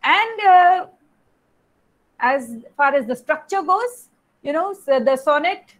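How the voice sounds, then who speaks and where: A high-pitched woman with an Indian English accent teaches an online class. She explains patiently, circles back over her points and keeps saying "you know" and "okay". Her voice sits well above the usual range for a woman. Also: lively intonation, takes it slowly. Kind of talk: online lecture.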